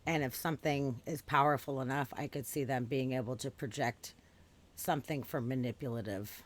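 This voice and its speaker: A woman with a very low voice hosts a casual podcast chat. She thinks aloud in a measured, reflective way. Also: steady tone. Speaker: podcast host.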